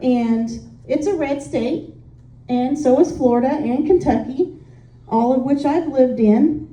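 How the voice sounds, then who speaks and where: A woman's voice: high-pitched, a little slow, dark tone. A woman from Indiana doing stand-up, telling stories in a chatty, self-deprecating way with lots of "um"s. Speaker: stand-up comic. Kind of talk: stand-up comedy set. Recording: echoey room, voice from a distance.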